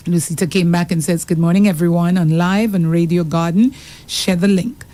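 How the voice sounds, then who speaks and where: A woman's voice: lowish voice, steady tone, normal speed, mellow. A woman with a Saint Lucian accent co-hosting a radio show, reading out listener messages with frequent laughter. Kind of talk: casual radio chat.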